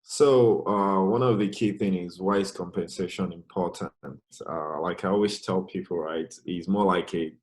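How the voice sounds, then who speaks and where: A man's voice: deep voice, moderate pace, few pauses, a little mellow, poor audio. A man from Nigeria giving a conversational talk on pay, peppering his points with "you know". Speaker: guest speaker, finance project manager. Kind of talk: presentation over video call.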